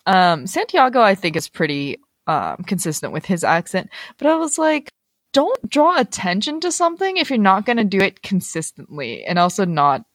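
A woman's voice: medium pitch, normal speed, dry recording. Young woman gabbing on a podcast, voice bouncing all over, dry close sound. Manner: chatty, frequent "like" fillers, animated retelling. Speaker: podcast co-host. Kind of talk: casual chat.

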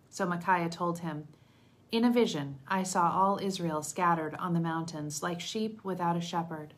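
Woman, scripture reading, lower pitched, steady measured delivery, lightly voiced quotes. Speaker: Bible reader.

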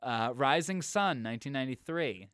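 A man in a relaxed podcast conversation, talking in an even, middle-pitched voice. He works through a list of titles with chatty asides. The recording is close and dry, with no room sound. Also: normal speed, clear, resonant tone, no room sound. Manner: chatty, reads out film lists, musing asides. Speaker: podcast co-host. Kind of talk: casual chat.

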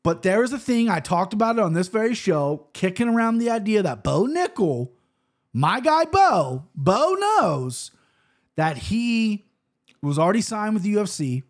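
A man in his thirties talks through fight results in a loose, rambling host style. His voice sits a little high, and he trips over words while hurrying through betting picks and the odd curse. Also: animated, darkish tone. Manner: rambling, fast-talking with frequent restarts and swearing. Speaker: show host. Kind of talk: casual MMA betting commentary.

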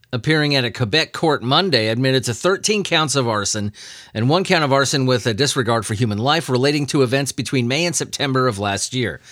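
A man's voice: medium pitch, fairly bright tone, dry recording, clean studio sound. A man hosting a comedy news podcast, joking and laughing as he reads and riffs on odd stories. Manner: joking, laughs often, puts on silly voices. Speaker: podcast host.

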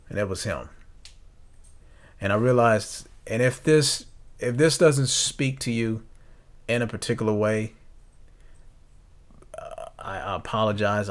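A young man hosting a podcast, talking earnestly and reflectively, often halting and restarting his sentences. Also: fairly low pitch. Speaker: podcast host. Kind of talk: reflective personal talk.

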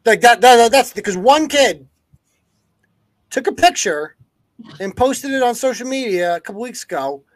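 A man's voice: very high voice, expressive, moderate pace, pauses often, no room sound. A man hosting a live news-commentary podcast, ranting with heavy profanity and sarcasm. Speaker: podcast host.

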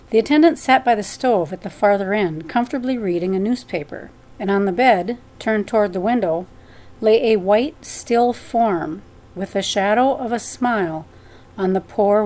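A woman narrating a first-person spiritual memoir as an audiobook, in an earnest, devout, measured manner. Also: medium pitch, darkish tone.

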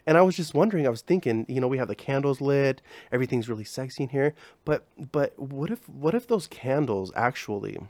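A man's voice: mid-range voice, animated, brisk, hardly any pauses, a little mellow, no echo, close to an everyday voice. A man voicing a lover who talks in an oddly formal, salesman-like way in a comedy bit. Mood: mock-serious pitching. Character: smooth-talking lover pitching a business idea.

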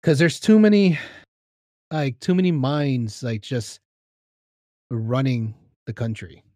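A man's voice: mid-range voice, lively intonation, slow, darkish tone, no echo, clean studio sound. A man from California in casual chat over a video call, repeating himself and restarting often as he agrees.

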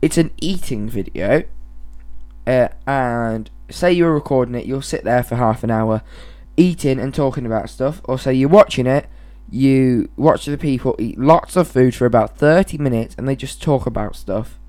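A woman's voice: extremely low pitch, moderate pace, mellow. A young woman co-hosting a casual podcast chat, teasing and giggling often. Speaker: podcast co-host.

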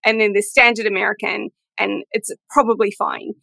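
A woman's voice: medium pitch, moderate pace, creaky, no echo. A woman, chatting casually and thoughtfully as a podcast guest. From England. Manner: animated, thoughtful, trained actor. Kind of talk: casual chat.

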